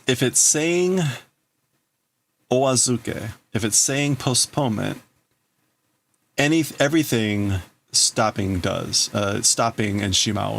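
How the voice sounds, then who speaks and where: A man's voice: on the low side, creaky, a bit bright. A man hosting a livestream, casually translating a manga aloud and thinking through each wording as he goes. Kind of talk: casual live translation commentary.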